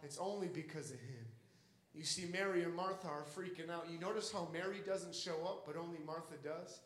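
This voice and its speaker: A man's voice: a little high, brisk, reverberant, rough recording. A young man preaching a sermon with an impassioned, repetitive cadence.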